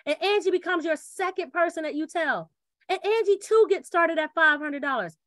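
A woman presenting a referral program in an energetic sales pitch, who acts out little dialogues and keeps repeating catchphrases. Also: normal speed, no room sound, studio quality.

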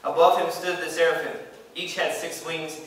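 Man preaching, fairly high bright voice, emphatic and repetitive, echoey church room, heard from a distance. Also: little pitch movement, moderate pace, a little hiss or hum. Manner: emphatic, repeats phrases, reads scripture aloud. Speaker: pastor. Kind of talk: sermon. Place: church sanctuary.

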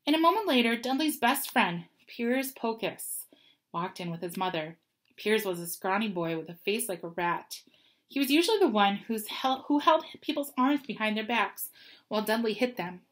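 A woman reading a storybook chapter aloud, with steady, expressive narration. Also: on the high side, moderate pace. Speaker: reader.

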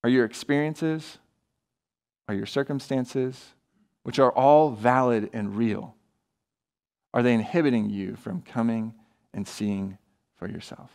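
A man's voice: medium pitch, measured pace, gravelly, long pauses. A man preaching a sermon as a pastor, earnest and acting out quoted voices. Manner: earnest, builds to animated, acts out quoted voices.

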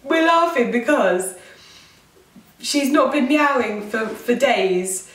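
A woman's voice: fairly high pitch, expressive, slow, roomy sound, far from the mic. A woman co-hosting a casual chat at home, giggly and chatty. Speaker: co-host. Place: home room.

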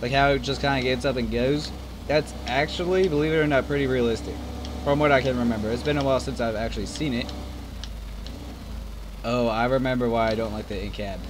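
A man's voice: medium pitch, brisk. Casual male gaming host, chatty and rambling, jokes at himself, faint tractor game hum under the voice. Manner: rambling, self-deprecating, chatty. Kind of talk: casual gameplay commentary. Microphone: desk microphone. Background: farm game engine sounds.

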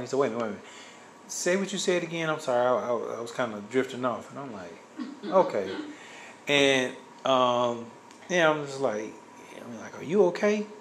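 A man's voice: mid-range voice, a little hiss or hum, rough recording. A man casually telling a personal story, rambling with many fillers and restarts. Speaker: guest sharing a testimony.

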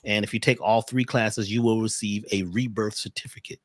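A man's voice: lowish voice, fairly even intonation, brisk, dry recording, clean studio sound. A man speaking as a guest, telling a motivational story in a preachy, emphatic way.

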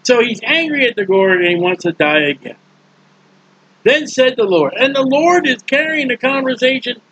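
High-voiced husky preacher, casual Bible teaching. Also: male voice, expressive, normal speed, a bit bright, no echo, lo-fi sound. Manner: folksy, acts out characters in asides.

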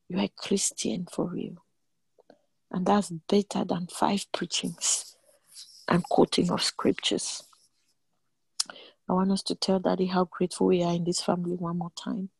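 A woman leading an online prayer meeting, preaching in a motherly, animated way and laughing often. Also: fairly low pitch, gravelly, breathy edge, no echo. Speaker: prayer leader.

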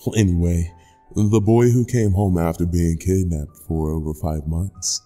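A smug, faceless caller sneers from behind a black screen, as a man puts him on. His voice sits very low and husky, sarcastic and unhurried, a storybook villain who enjoys his secrets. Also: steady tone, warm tone, soft background music. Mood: mocking. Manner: cool, mocking, unhurried. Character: mysterious anonymous male caller, sarcastic and smug. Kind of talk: horror story narration voice acting.

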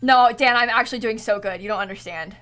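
A young adult woman streaming a game and chatting casually, excitable, often squealing and laughing. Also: a little high, fast talker, faint music behind. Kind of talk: casual gaming chat.

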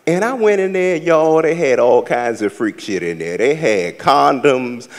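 A man from the American South doing a live stand-up set, with sassy, campy storytelling and loud acted-out asides. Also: medium pitch, expressive, a little slow, long reverb tail. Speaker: stand-up comedian. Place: large theater stage with a live audience.

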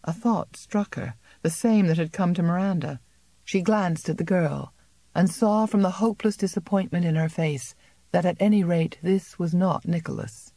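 A woman narrating an unabridged novel as an audiobook in a measured, even storytelling manner. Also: on the low side, no room sound. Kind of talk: scripted narration.

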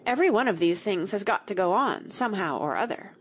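A woman voicing a fussy, boastful boy twin with a petulant, excitable manner. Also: mid-range voice, a little fast, husky.

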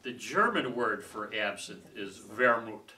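A man leading a casual Bible study group, talking conversationally, laughing easily and trailing off softly. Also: lowish voice, expressive, takes it slowly. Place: small room with a group. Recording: distant mic with faint room noise.

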